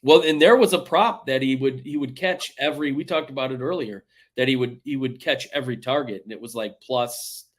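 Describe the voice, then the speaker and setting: A man's voice: medium pitch, fairly quick, hardly any pauses. A man co-hosting a sports betting podcast, talking casually in a rambling, jokey way with many restarts. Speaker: podcast co-host.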